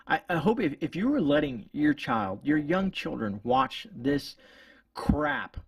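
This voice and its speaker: Channel host, male, rambling indignant commentary, gravelly voice, dry sound set back from the mic. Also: a little high, very animated, measured pace, dry recording, far from the mic. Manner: indignant, rambling, many restarts. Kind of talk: ranting political commentary.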